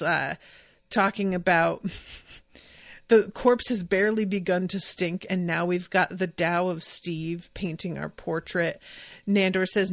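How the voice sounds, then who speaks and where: Recapping a TV episode on her podcast, a host with a fairly low, slightly bright voice chats loosely, wandering off track, quoting scenes and catching her own mistakes. The recording is studio quality, without echo.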